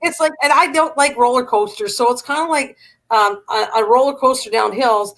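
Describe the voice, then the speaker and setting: A woman's voice: fairly high pitch, animated, normal speed, fairly bright tone, rough recording. An older Canadian woman hosting a live chat, telling stories in a chatty way and laughing often. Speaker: livestream host chatting with viewers.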